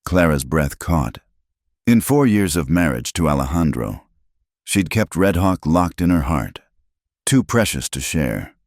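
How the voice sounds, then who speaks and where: A man reading a frontier tale as scripted narration in an even storytelling manner. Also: a bass voice, unhurried, dry recording, studio quality.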